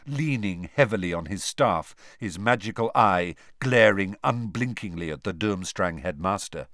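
Lively, expressive male storyteller. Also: fairly low pitch, no room sound, clean studio sound. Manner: expressive storytelling, shifting voices for characters. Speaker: narrator. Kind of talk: audiobook narration.

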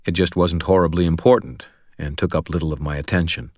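A man reads a first-person audiobook in a very low, deep voice. His delivery is steady and measured with a wry edge, recorded close and dry with no room sound. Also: no echo. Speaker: audiobook narrator.

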